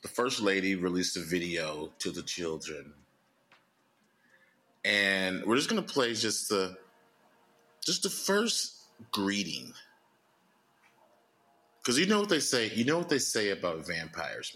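A man co-hosting a comedy podcast, joking and animated in casual chat. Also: sits low, a little slow, pauses often. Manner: animated, joking, swings between voices. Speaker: podcast co-host.

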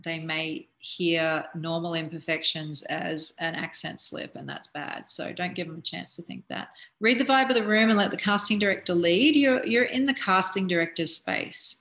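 A woman's voice: lowish voice, a bit bright. A woman giving casual, frank advice as an acting coach, chatty and often restarting her sentences.

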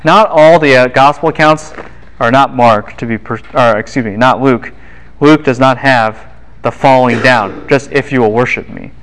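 A man giving a university Bible lecture, lively and quizzing the class with quick asides. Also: mid-range voice, rough recording.

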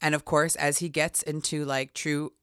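A woman's voice: low voice, moderate pace, clean tone, no room sound, studio quality. A woman telling a true story in casual podcast chat, acting out quotes with lots of "like" and "you know". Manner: animated, acts out quotes, many "like"s. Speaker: podcast host.

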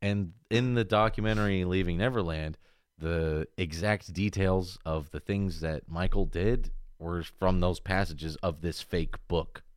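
A man co-hosting a podcast, joking loudly and swearing a lot in casual banter. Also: sits low, unhurried, clean tone, dry recording, studio quality. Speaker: podcast co-host.

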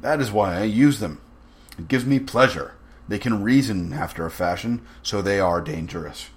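A man voicing a suave, cruel aristocratic general with smooth, mocking menace. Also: lowish voice, moderate pace, natural voice.

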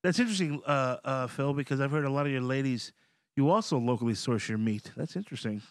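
A man guesting on a comedy podcast, riffing in a profane, animated way. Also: mid-range voice, fast, no room sound, clean studio sound. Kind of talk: casual comedy podcast banter.

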